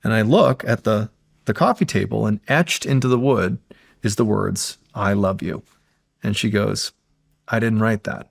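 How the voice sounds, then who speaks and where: A man's voice: lowish voice, moderate pace, vocal fry. A man, a podcast guest, telling a suspenseful true story in casual conversation, building tension and often saying "like".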